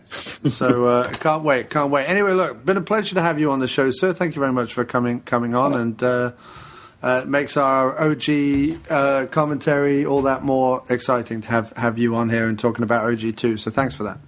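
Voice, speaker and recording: A man's voice: mid-range voice, fairly even intonation, normal speed. A man co-hosting a casual podcast, jokey and laughing often. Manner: jokey, laughing, slips into silly put-on voices. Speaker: podcast co-host.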